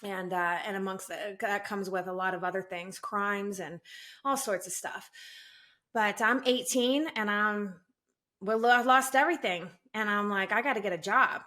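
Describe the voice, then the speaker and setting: A woman in her forties tells her story as a podcast guest. Her voice is bright and clear, and she talks in a lively way, slipping into higher voices whenever she quotes someone. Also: normal speed. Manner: animated, acts out quotes in raised voice. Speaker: guest, sales training company president. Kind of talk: candid storytelling interview.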